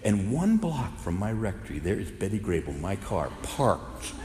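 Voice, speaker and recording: A man who is a Catholic priest, preaching a sermon with lively storytelling that swings from hushed to loud. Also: on the low side, moderate pace. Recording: echoey hall with faint noise.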